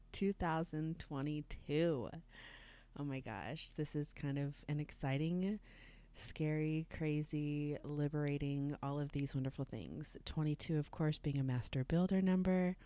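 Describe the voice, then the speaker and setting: Woman doing a solo podcast, low warm voice, dry close sound, rambly and chill, swears now and then. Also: measured pace, no room sound. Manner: loose and chatty, many ums, casual swearing. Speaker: podcast host and sex educator. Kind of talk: casual solo podcast chat.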